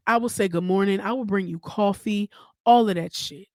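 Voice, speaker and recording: A woman hosting her own podcast, ranting in a casual, profane, animated way straight to her listeners. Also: medium pitch, normal speed, no room sound, clean studio sound. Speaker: podcast host. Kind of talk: casual solo podcast rant.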